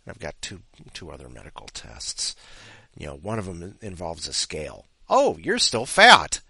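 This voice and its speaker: A man's voice: extremely low pitch, very animated, normal speed, gravelly, pushed and bright, slightly rough, no echo. A man hosting a comedic podcast, rambling and self-mocking as he reads listener stories. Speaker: podcast host. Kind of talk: comedic podcast chat and story reading.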